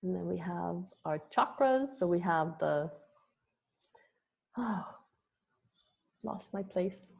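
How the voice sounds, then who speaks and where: A woman's voice: on the low side, lively intonation, takes it slowly, vocal fry, long pauses, a little mellow. A woman yoga teacher giving an online lesson, explaining terms patiently with small restarts.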